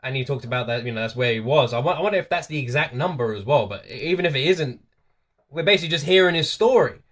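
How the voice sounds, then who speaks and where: A man's voice: medium pitch, expressive, fast talker, a bit bright. A man from the UK hosting a reaction video, talking casually and enthusiastically to his viewers, often repeating himself. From United Kingdom.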